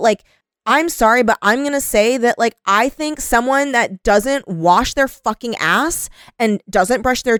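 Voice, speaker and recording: A young woman co-hosting a podcast in casual chat, animated, swearing often and laughing a lot. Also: a little high, no room sound, studio quality. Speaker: podcast co-host.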